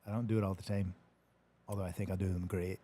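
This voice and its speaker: A man's voice: low voice, little pitch movement, fast talker, mellow, slight background noise. A man hosting a casual livestream, reading viewer comments in a laid-back, joking way and swearing now and then. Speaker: podcast host reading live comments. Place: home studio.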